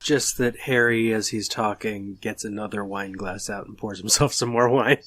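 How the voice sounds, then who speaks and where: A man's voice: on the low side, steady tone, normal speed, a bit bright. A man from the United States hosting a casual podcast, making brief, matter-of-fact remarks. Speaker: podcast host.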